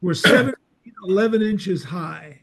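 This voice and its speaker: High-voiced older man telling animated stories. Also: normal speed, creaky. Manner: animated anecdotes, acts out dialogue. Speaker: podcast host. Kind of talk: casual storytelling chat.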